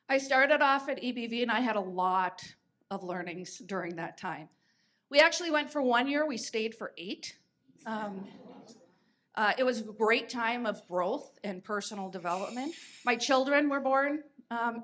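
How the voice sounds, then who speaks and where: A woman in her fifties from the United States hosts a podcast, telling stories in a chatty, conversational way full of fillers and restarts. Her voice is a little high and fairly bright, at a moderate pace.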